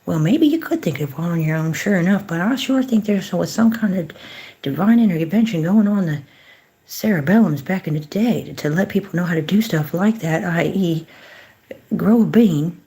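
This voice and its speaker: Gravelly low-voiced woman chatting on a livestream. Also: animated, normal speed. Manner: chatty, drifts into soft whispered asides; blesses and greets viewers warmly by name. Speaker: livestream host. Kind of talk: casual livestream chat.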